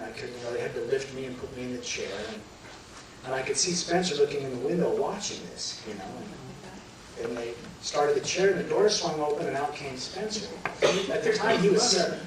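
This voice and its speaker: A middle-aged man telling an emotional personal story to a live audience, halting and restarting, choking up at times. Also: mid-range voice. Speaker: guest telling his near-death story. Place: large hall before a live audience. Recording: very echoey hall, voice from far off, clear room noise.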